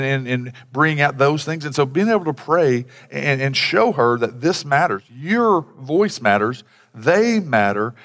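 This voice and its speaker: A middle-aged man preaching in a conversational, rambling way, full of fillers and restarts, with acted-out bits of dialogue. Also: fairly bright tone. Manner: acts out quoted dialogue in a lower voice. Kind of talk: sermon on family devotions. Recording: long hall reverb.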